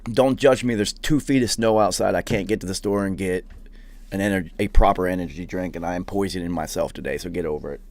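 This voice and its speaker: A man's voice: deep voice, fast talker, darkish tone. A young man hosting a podcast, telling profane, rambling anecdotes in a casual chat. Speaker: podcast host. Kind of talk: casual storytelling.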